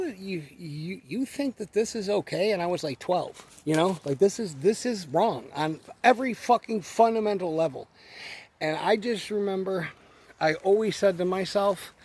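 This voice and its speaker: A man's voice: high voice, darkish tone, slight background noise. A man in his forties giving a blunt, profane casual rant to the camera, repeating himself for emphasis. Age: 40s. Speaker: vlogger.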